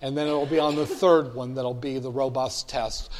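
With a little background noise behind him, a male stock commentator walks through charts on a casual screen share. His medium-pitched voice keeps a steady tone and moderate pace, though his chatty delivery is full of wry asides and restarts.

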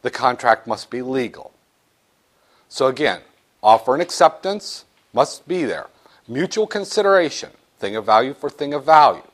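A man's voice: mid-range voice, big pitch swings, normal speed. A man teaching a business law class, lecturing in a joking way and acting out little scenes with students.

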